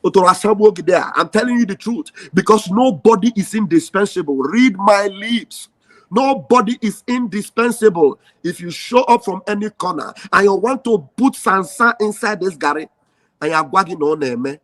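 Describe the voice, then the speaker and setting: A man with a Nigerian accent delivers a fiery, rallying speech. His voice sits high for a man. He hammers his points home, repeating phrases for emphasis. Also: animated, fairly quick. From southeastern Nigeria. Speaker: activist.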